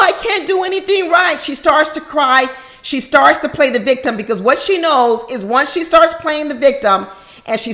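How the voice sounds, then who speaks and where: A woman with a high-pitched voice delivers opinionated commentary on a reality show. She talks emphatically and preachily, hammering her points home and slipping into other people's voices to quote them. Her voice is close to the mic. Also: fairly bright tone. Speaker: reality TV recap host.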